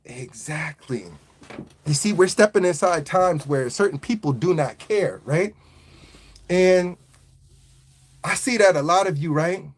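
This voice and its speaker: High-voiced man giving motivational talk. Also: expressive, measured pace, pauses often. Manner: repetitive, preachy, keeps asking "right?". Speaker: livestream motivational host. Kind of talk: casual motivational livestream talk.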